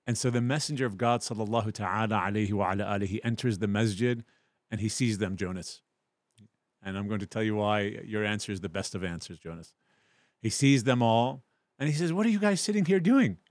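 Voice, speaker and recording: A male teacher talks to his students in an online class. He tells the story with plenty of energy and jumps into loud, high voices for the characters. The sound is close and dry, with no room around it. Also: brisk, dry recording. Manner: animated, acts out quoted voices loudly. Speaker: Islamic teacher.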